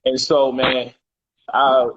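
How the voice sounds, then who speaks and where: A man casually telling a personal story on a livestream, animated and profane, loudly acting out heated quotes. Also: medium pitch, takes it slowly, highs cut off, background noise. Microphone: phone or livestream mic.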